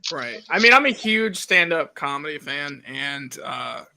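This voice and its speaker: A man's voice: a little high, animated, a little slow, vocal fry, pushed and bright, dry recording. A man hosting a podcast, chatting casually in a rambling, profane way with lots of ums. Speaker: podcast host. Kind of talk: casual chat.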